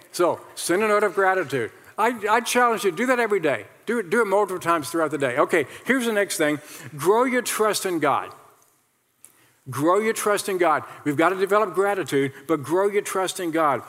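A male pastor preaching a lively sermon, repeating lines and leading the congregation in call-and-response. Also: on the high side. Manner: animated, repetitive, leads the congregation in call-and-response. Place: large church hall with congregation. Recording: long hall reverb.

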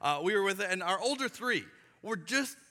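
A man in his thirties preaching a sermon, telling animated stories and acting out quoted voices with exaggerated emphasis. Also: high voice, fairly quick. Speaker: pastor. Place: church hall. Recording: live church hall with long reverb.

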